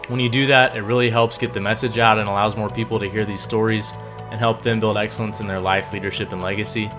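A man hosting a podcast, asking quick-fire questions and giving a polished, upbeat sign-off. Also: on the low side, level tone, fairly bright tone, faint music behind. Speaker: podcast host. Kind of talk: interview and podcast outro.

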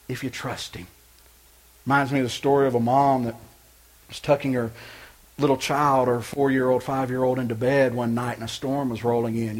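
A male pastor preaching a sermon with passion, swinging from loud emphatic lines to quiet hushed ones. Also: mid-range voice. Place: church.

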